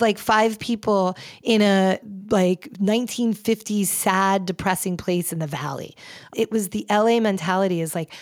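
A woman's voice: medium pitch, darkish tone, no room sound, clean studio sound. A woman hosting a podcast, chatting casually and bluntly about pop culture, swearing freely with rambling asides. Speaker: podcast host. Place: office.

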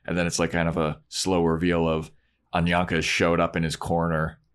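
A man's voice: low-pitched, moderate pace, smooth. A man casually recapping a TV episode on a podcast, acting out scenes in quoted voices. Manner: animated retelling, acts out scenes in quoted voices. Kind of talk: casual chat.

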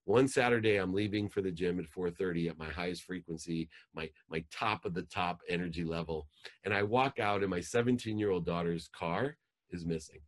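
A man's voice: sits low, brisk. A man in his forties, a life coach telling a motivational story in an intense, emphatic way.

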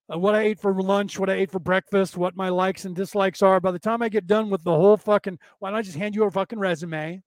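A man's voice: sits high, smooth, no echo. A man hosting a podcast class, talking in a rambling, sarcastic monologue with profanity, acting out quoted exchanges. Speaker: podcast host teaching a class. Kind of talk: casual lecture-style monologue.

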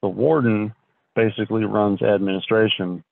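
A low-voiced man with a gravelly edge speaks slowly and haltingly, clearing his throat often between phrases. His voice comes through thin and phone-like, with a dry, close sound. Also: steady tone, dry recording. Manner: slow, halting, frequent throat clearing and fillers. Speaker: podcast guest. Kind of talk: casual storytelling.

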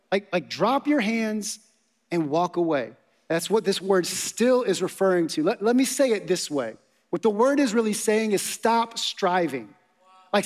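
High-voiced male pastor in a reverberant hall. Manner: conversational and playful, with repeated "right?" asides. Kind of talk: sermon. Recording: long reverb of a large hall.

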